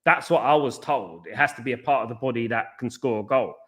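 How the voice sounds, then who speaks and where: A man's voice: medium pitch, a little fast. A man hosting a live football watchalong, chatting casually and drifting off on tangents. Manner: rambling, chatty, goes off on tangents. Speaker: watchalong host.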